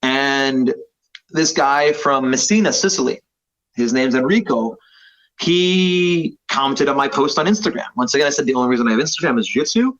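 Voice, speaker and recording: A man's voice: medium pitch, lively intonation, normal speed, a bit bright. A man in his thirties, a jiu-jitsu instructor talking as a podcast guest, rambling and self-deprecating with lots of fillers. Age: 30s. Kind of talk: casual podcast conversation. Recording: slightly dull podcast audio.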